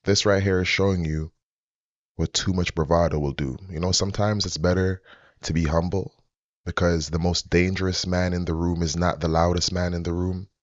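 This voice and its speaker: A low-pitched man talks through his reaction to a clip in a slow, preachy, measured way. The sound is dry and close, with a slightly dull, muffled tone. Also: little pitch movement, no echo. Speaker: commentary host reacting to a clip. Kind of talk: casual reaction commentary.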